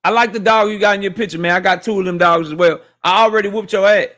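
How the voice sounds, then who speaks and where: A man's voice: sits high, fairly even intonation, quick pace, a bit bright. A man hosting a casual boxing livestream, ranting animatedly and profanely while reading chat messages.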